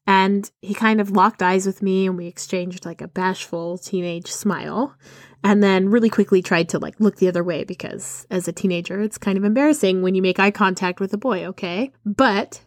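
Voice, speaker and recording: A woman's voice: mid-range voice, dry recording, studio quality. A woman from Arizona hosting a podcast, telling a personal story in a chatty way and laughing often between sentences. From Arizona, USA. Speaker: podcast host.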